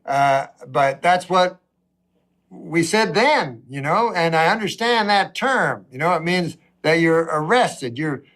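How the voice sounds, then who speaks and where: A middle-aged comedian slowly unspools a long, rambling stand-up story, deadpan and flat. His voice is high for a man, and he tosses off asides in mock outrage.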